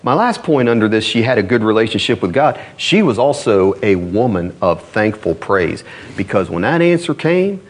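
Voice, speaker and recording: A man's voice: lowish voice, sing-song, moderate pace. A man preaching a sermon, reading scripture passages aloud and asking the congregation rhetorical questions.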